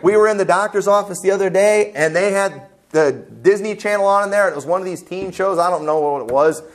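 Man, pastor, sermon, fervent, blunt, scripture quotes, fairly high voice. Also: a little fast. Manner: fervent, blunt preaching with asides to the congregation. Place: church sanctuary.

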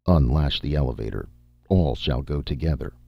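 Brief: a man reading a cold solemn judge, very deep gravelly voice, dull dry audiobook sound. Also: normal speed, no room sound, faint music behind, heavily acted. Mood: stern. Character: cold stern male tribal judge. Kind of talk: audiobook character voice.

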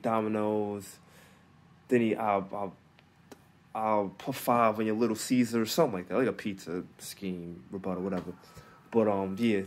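Slangy low-voiced man recapping a battle. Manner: loose slangy talk with many restarts, fillers and quiet asides. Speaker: battle rap recap host. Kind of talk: casual solo commentary.

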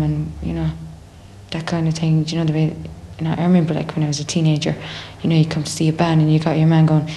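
Young Irish woman singer, low-pitched, chatty and animated, casual interview. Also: quick pace, slight background noise. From Ireland. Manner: chatty, animated, acts out others' voices in quotes. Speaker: singer in a band.

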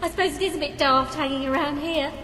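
A woman's voice: sits high, fast talker, a bit bright, faint music behind. An actress playing a prim young woman companion in a video game, fussy and complaining about her filthy surroundings. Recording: echoey, distant game audio with noise.

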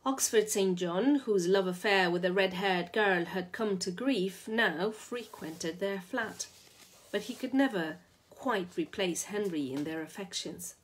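A woman reading a short story aloud in a steady, measured way. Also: medium pitch, slightly rough. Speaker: reader.

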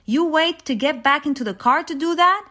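A woman's voice: high-pitched, moderate pace, pushed and bright, voice pushed up. A woman reading aloud voices an irritable middle-aged father who complains in a storybook reading. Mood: complaining. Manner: whiny, complaining.

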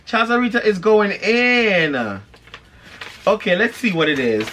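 A woman co-hosting a vlog, excitedly unboxing gifts with lots of drawn-out oohs, and a little hoarse from losing her voice. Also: mid-range voice. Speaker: vlog co-host. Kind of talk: casual unboxing chat.

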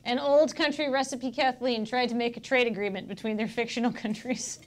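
A woman's voice: fairly high pitch, steady tone, fairly quick. A woman hosting a charity stream, chatting casually and laughing often. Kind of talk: casual chat.

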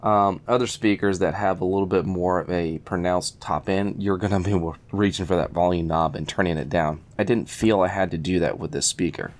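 Low-voiced man reviewing speakers casually. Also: fairly quick, hardly any pauses. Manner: relaxed, rambling, with many fillers and restarts; enthusiastic about audio detail. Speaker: audio product reviewer.

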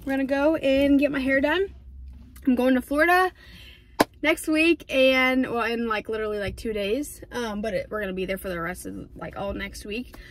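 A young woman vlogging casually, talking fast and filling with "like" and "um", filmed on a phone in her car and later on a tripod at home. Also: a little high, slight background noise. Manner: fast, chatty, lots of "like" and "um". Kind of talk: casual vlog chat. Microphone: phone camera, then on a tripod.

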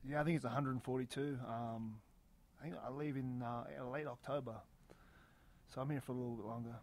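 A man's voice: medium pitch, steady tone, fairly quick, a little mellow. A man, a podcast guest in casual chat, modest and self-deprecating. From Australia.

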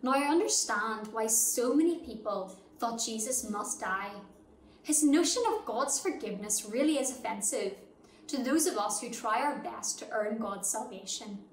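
A woman's voice: fairly high pitch, animated, normal speed. A woman giving a dramatic monologue in a church service, with an indignant, questioning delivery. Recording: echoey church room with faint noise.

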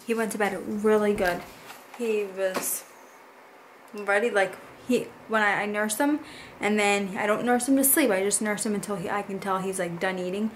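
A woman's voice: medium pitch, slight background noise. A young woman, a mother, talking casually to her camera in a family vlog, gushing and sentimental about her baby. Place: home and car.

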